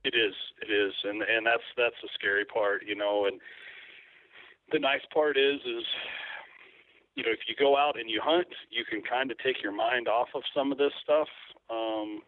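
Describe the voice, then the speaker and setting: Over a tinny phone line, a man who is a hunting photographer speaks as a guest in a casual interview, rambling with fillers and restarts. His voice is mid-range with fairly even intonation, a moderate pace and no echo.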